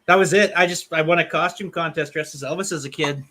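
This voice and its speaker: Man, podcast guest, casual chat, short reactions, husky, bright. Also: fairly high pitch, quick pace.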